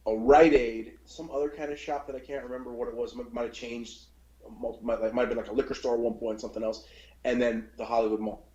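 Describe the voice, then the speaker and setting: A man casually telling a childhood story, swearing freely and acting out the voices of the people in it. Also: medium pitch. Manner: profane, animated, acts out voices in anecdotes. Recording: roomy, dull lo-fi sound.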